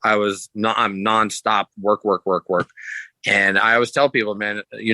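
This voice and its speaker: A man, a sideshow performer guesting on a podcast, telling stories in a loose, rambling way and jumping his pitch to act out quotes. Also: steady tone, normal speed, sharp tone, no echo, poor audio. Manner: rambling, restarts, acts out quotes with pitch jumps; loose, swears casually. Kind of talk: casual storytelling.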